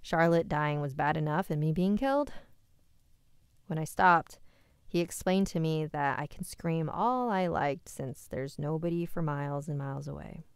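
A woman reading a listener's scary story aloud, with quick asides of her own. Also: sits low, clear, resonant tone, dry recording, clean studio sound.

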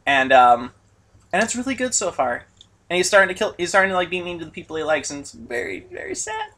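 A young man chatting casually in a rant video, rambling and swearing with excitable bursts. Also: high-pitched, fast. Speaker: vlog co-host.

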